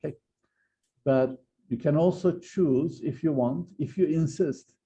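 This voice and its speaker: A man's voice: a little high, a little slow, warm tone. A man giving a university physics lecture, explaining step by step with frequent hesitations and restarts. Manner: hesitant, many fillers and restarts while explaining. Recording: slightly dull lo-fi lecture recording.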